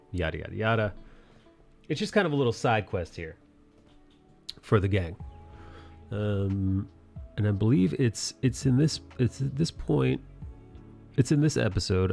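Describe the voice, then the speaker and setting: Male host, lowish voice, casual profane recap, faint music bed. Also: vocal fry, darkish tone. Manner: loose, rambling, profane retelling. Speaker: anime review host.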